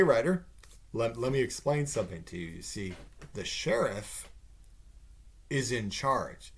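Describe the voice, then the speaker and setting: A man's voice: mid-range voice, breathy edge. Man, podcast host, rambling rant, swears a lot, mocking impressions. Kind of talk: casual rant.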